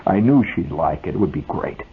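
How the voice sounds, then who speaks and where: A man's voice: deep voice, expressive, normal speed, breathy edge. A man reading his own story aloud on the radio in a wry, vivid, mock-dramatic style, on a tinny old aircheck.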